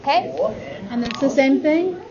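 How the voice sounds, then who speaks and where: A woman's voice: sits high, moderate pace, a crowd in the background. A woman teaching a beginner language class, patiently modeling words for her students to repeat. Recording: dull audio, noisy classroom.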